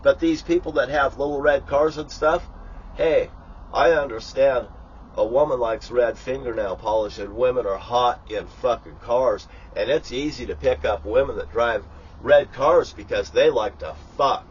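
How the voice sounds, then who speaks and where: A man's voice: mid-range voice, normal speed, lo-fi sound, slight background noise. A man talking casually in a rambling, profane, grandiose rant while cooking in his kitchen. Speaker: vlogger. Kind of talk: rambling live vlog monologue.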